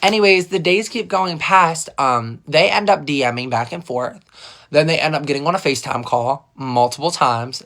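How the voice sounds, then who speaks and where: A young man telling a story in a casual storytime vlog, animated and gossipy, swearing freely. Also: a little high.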